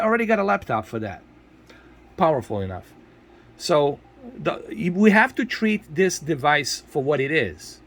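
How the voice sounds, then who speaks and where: A man's voice: high-pitched, a bit bright. A man scolding his viewers in a ranting video commentary, exasperated and repeating himself for emphasis. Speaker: tech video creator.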